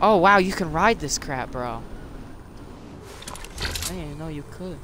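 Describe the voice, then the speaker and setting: A man's voice: on the high side, expressive, a little slow. A man live-streaming a video game, chatting casually and teasing his teammates in joking banter. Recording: noisy stream audio.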